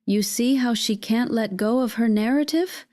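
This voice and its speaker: A woman voicing a manipulative female therapist who speaks softly and condescendingly in a calm, soothing manner. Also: on the high side, moderate pace, close to an everyday voice. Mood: coaxing.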